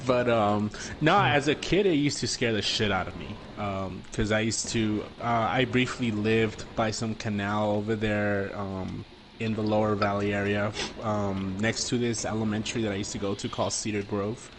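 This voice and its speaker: A man's voice: fairly low pitch, moderate pace, background noise. A young man from the US-Mexico border region, telling stories casually with lots of fillers and swearing. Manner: relaxed, swears freely, many fillers. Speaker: podcast guest. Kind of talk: casual storytelling chat.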